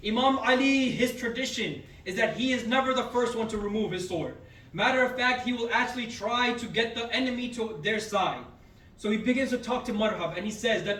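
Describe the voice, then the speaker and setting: A man's voice: very high-pitched, brisk, bright, forceful tone. A man telling a religious story as a sermon at a home gathering, dramatic and repeating phrases for emphasis. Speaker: majlis speaker. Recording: echoey room, mic far off, faint background noise.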